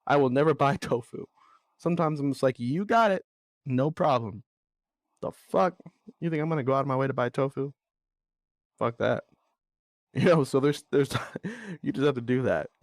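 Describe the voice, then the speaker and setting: Young man, podcast host, blunt and exasperated, swears a lot, mid-pitched voice, dry close sound. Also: a little fast, long pauses, no echo. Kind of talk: candid monologue.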